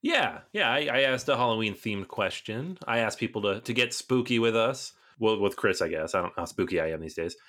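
A male podcast co-host chatting in an easygoing, self-deprecating way. His voice sits fairly low, but its pitch moves about a lot as he talks. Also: lively intonation, brisk, hardly any pauses, fairly bright tone. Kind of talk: casual chat.

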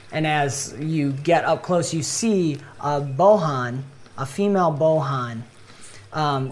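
Low-voiced woman game master narrating a tabletop game, relaxed and halting. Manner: relaxed, hesitant with frequent ums.

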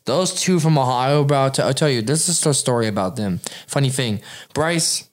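A man's voice: mid-range voice, expressive, moderate pace. Swearing, ranting man on a podcast. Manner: heated, boastful ranting with heavy swearing. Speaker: podcast co-host. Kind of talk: casual profane podcast chat.

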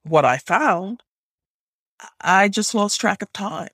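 A frightened young woman acolyte answers her superior with careful respect, as a man reads her. She works to keep her voice steady. The voice is a little high and husky, on a dry recording. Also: normal speed, no room sound. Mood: submissive. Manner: respectful, trying to sound steady.

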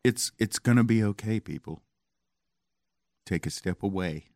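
A man with a fairly low voice, chatting casually as a podcast host. His humor runs dry and sarcastic, and the recording is close and dry. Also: measured pace, darkish tone, no room sound. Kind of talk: casual chat.

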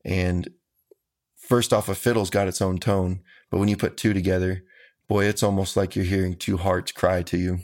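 A man, a country musician, answering interview questions in an earnest, folksy, measured way. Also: deep voice, level tone, a little mellow.

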